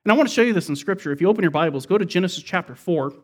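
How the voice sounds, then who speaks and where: Male pastor, higher-pitched voice, verse-by-verse sermon, soft drops at key lines. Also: lively intonation, rapid-fire. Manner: expository, explains scripture verse by verse.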